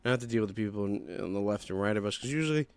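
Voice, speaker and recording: A man's voice: on the low side, very fast, clean tone, no echo. Young guy on a podcast ranting a story, swears a lot, dry close sound. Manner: animated, profane, rambling. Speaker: podcast host. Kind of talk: casual storytelling.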